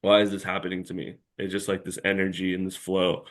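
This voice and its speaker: A man's voice: deep voice, completely flat delivery, brisk. A man telling a long story as an interview guest in a casual chat, rambling and packed with filler words.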